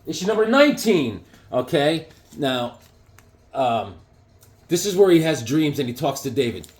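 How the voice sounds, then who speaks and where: An excitable man talking through comic books in a loose, chatty way, his voice bouncing widely up and down. It sits a little higher than most men's. He keeps slipping into quick silly voices. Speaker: comic book reviewer. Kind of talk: casual comic book review.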